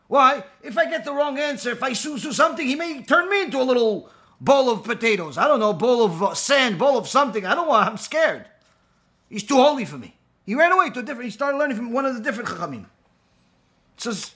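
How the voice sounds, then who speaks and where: A man gives an animated Torah lecture, retelling Talmud stories and voicing the people in them. His voice sits high and bright, with wide, lively swings in pitch. The delivery is dramatic and storytelling-driven. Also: moderate pace, long pauses. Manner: dramatic storyteller, acts out the characters' lines. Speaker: rabbi teaching a Torah class.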